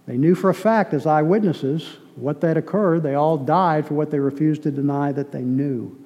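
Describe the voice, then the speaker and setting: A man from Boston delivers a teaching sermon in a casual, conversational way, often repeating himself and tossing questions to his audience. His voice sits a bit high but has a dark, mellow tone. It rings with a long reverb, as if heard in a large church hall. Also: normal speed.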